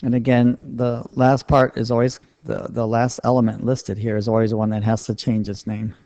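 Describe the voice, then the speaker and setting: A man's voice: medium pitch, level tone, moderate pace, mellow, dry recording. A man explaining a chemistry lesson step by step in a patient, plain-spoken way while writing on a board. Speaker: chemistry teacher. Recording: dull lo-fi dry recording.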